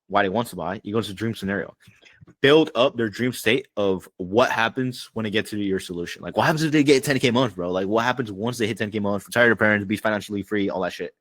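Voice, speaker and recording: A man's voice: on the low side, no echo. A man coaching sales over a video call, in a casual, profane style full of "like" and "bro.". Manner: slangy and profane, heavy with "like" and "bro". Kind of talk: casual online training call.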